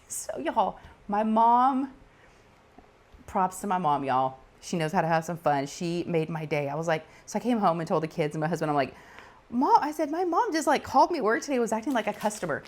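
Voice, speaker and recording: Animated woman telling stories. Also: fairly low pitch, fairly quick. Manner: animated, acts out callers' voices, laughs often. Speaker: crafting channel host. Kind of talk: casual storytelling chat.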